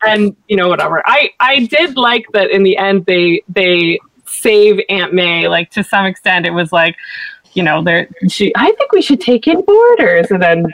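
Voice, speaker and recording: A woman co-hosting a podcast in casual chat, animated, acting out quotes in funny voices. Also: on the low side, moderate pace, no echo, rough recording. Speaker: podcast co-host.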